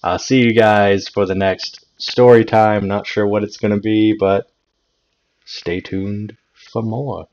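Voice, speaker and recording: A man's voice: on the low side, little pitch movement, moderate pace, hardly any pauses, darkish tone, clear, resonant tone. A man hosting his own channel and telling a story in a laid-back way, chuckling and repeating words as he goes. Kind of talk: casual story time vlog. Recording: dull lo-fi recording.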